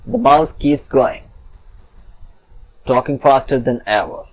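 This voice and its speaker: Slow, playful male storyteller. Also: medium pitch, fairly even intonation, muffled recording. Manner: chatty, playful asides to the listener. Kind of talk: storybook narration for children.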